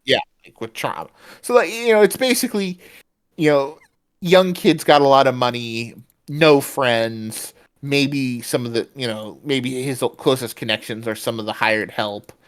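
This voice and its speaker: A man co-hosting a podcast in casual chat, rambling with plenty of fillers and restarts. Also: medium pitch. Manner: rambling, many fillers, does quick mock voices. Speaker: podcast co-host.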